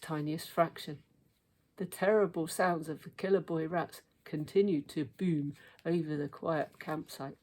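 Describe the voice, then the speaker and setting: A woman reading a children's storybook aloud in an expressive, measured way. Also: sits low.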